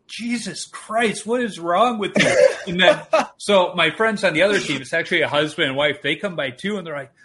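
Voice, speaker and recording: Man telling laughing hockey stories. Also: medium pitch. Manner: laughing, animated anecdotes. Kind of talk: casual storytelling chat.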